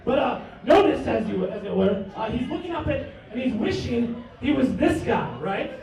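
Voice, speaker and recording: A man's voice: extremely high pitch, animated, moderate pace, vocal fry, darkish tone, distant mic. Man, stand-up comedian, cocky mock-boasting, very echoey bar room.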